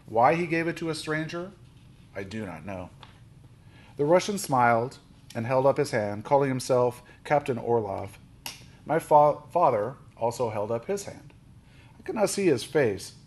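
A man reading a children's novel aloud, lifting his voice for quoted lines and dropping low on speech tags. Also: moderate pace. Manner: steady storybook reading, with small restarts.

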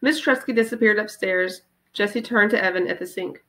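A woman reading a children's chapter book aloud to her class, as a teacher. Her storytelling is expressive, and she leans into each line of the tale. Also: medium pitch, fairly quick.

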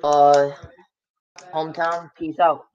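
A man's voice: on the high side, little pitch movement, takes it slowly, a little mellow, clean tone. A man from California, a guest rapper chatting loosely, laughing and swearing, short of breath after rapping. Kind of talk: casual chat between freestyles. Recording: dull lo-fi mic with faint hiss.

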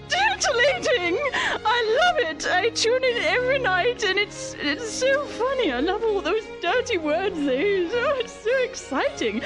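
A man's voice: extremely high pitch, exaggerated voice. A man voicing a bawdy Queen of England with a put-on British accent, giggling and slipping into Cockney. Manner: giggly, breaks character, slips into Cockney.

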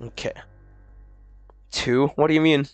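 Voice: medium pitch, steady tone, unhurried, no room sound, faint music behind. A livestreamer chatting casually with viewers, reading chat aloud, laughing often and swearing between bursts of silly voices. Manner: giggly, rambling, swears, breaks into silly voices.

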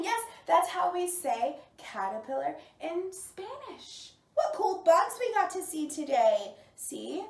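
A woman leading a bilingual storytime for small children, talking in slow, exaggerated, encouraging teacher tones. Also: high voice. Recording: roomy sound, mic at a distance.

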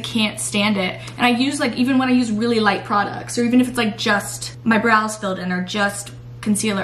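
A woman's voice: on the high side, fairly bright tone. A young woman vlogging casually at home at night, rambling with lots of fillers and the odd swear word. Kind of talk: casual vlog chat.

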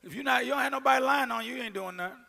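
A male pastor preaching a sermon, shouting out scripture and breaking into casual asides to his congregation. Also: very high voice, very fast, gravelly. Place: church sanctuary. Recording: long reverb of a church hall.

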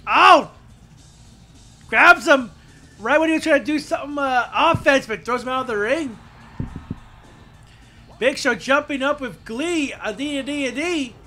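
A man commentating his wrestling video game play-by-play, shouting in mock outrage and calling out to the audience. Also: extremely high pitch, a little slow, pauses often, soft background music. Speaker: gameplay commentator.

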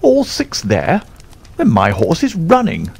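A man doing an agitated old colonel, pitched high. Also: huge pitch swings, moderate pace, creaky, a little mellow, slightly rough, exaggerated voice. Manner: raised, strained, exclamatory. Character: agitated older male racehorse-owning colonel. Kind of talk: audiobook character voice.

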